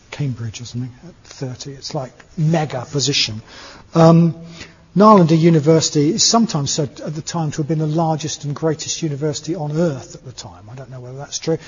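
A man's voice: on the high side, a little mellow, slightly rough. A man giving a Buddhist dharma talk, telling a story in a conversational, hesitant way with many filler sounds. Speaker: Buddhist teacher. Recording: echoey hall, dull lo-fi sound.

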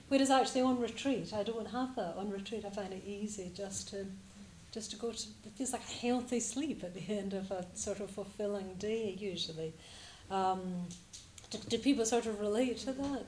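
A woman's voice: medium pitch, normal speed, a little mellow, reverberant, slight background noise. A woman from Scotland giving a reflective Buddhist talk to a group, hesitant and full of fillers.

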